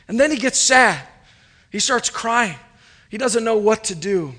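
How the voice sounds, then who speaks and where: High-voiced man preaching a sermon. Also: animated, a little slow, bright, forceful tone. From United States. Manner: preacherly, rising and falling, asks the congregation questions. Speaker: pastor. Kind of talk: sermon with storytelling.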